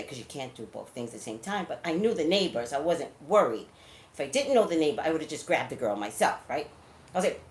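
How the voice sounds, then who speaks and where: A woman vlogger who talks straight to her viewers, chatting and telling stories in an animated way. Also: low voice, a little fast, echoey room. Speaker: psychic vlogger. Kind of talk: casual chat to camera.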